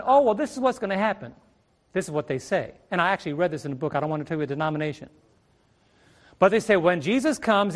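On a ministry stage, a middle-aged man preaches a Bible study sermon in a high-pitched voice. He poses rhetorical questions and tends to repeat phrases.

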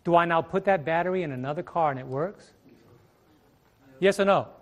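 The sound is lo-fi as a middle-aged man preaches a sermon on a church stage, his brisk, high-leaning voice carried by a stage microphone. He's emphatic, drawing out important words and hurling rhetorical questions at the congregation.

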